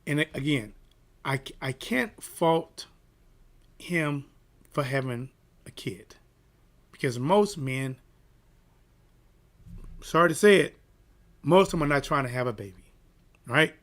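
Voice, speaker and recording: A man hosting a boxing channel, telling a personal story in an animated, emphatic way and checking in with "right?". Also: a little high, slow pace, pauses often. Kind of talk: casual storytelling rant.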